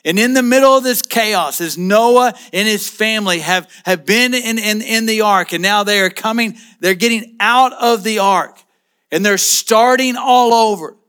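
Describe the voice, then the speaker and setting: A middle-aged man, a pastor, preaching a sermon in a relaxed conversational way with asides and jokes. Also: high-pitched, normal speed, clear, resonant tone.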